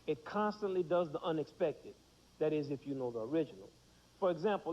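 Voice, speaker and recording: A man's voice: a little high, lively intonation, a little fast, a little mellow, in a large hall, muffled recording. Playful man teaching rhythm to kids. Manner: playful, demonstrative, counts beats aloud. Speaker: music teacher. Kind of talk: teaching children about rhythm.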